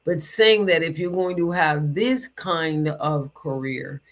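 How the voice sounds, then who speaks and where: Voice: mid-range voice, slow. Emphatic speaker in a loose spiritual talk. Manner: emphatic, stretches words for stress; conversational, loose, with asides. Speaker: spiritual teacher.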